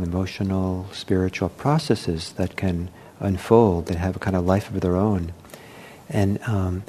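Man giving a meditation talk, low voice, mellow tone, halting and gentle, faint rumble behind. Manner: gentle, unhurried, with frequent fillers and restarts. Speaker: meditation teacher. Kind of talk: dharma talk.

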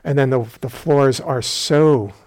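In a retreat hall, a male meditation teacher offers a dharma talk at medium pitch. His manner is unhurried and reflective, lightened by gentle humor.

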